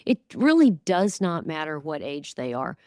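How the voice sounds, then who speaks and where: A woman's voice: deep voice, big pitch swings, normal speed, darkish tone, no room sound, clean studio sound. A middle-aged woman hosting a podcast interview, speaking in a reflective, affirming way. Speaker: podcast host. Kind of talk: casual interview chat.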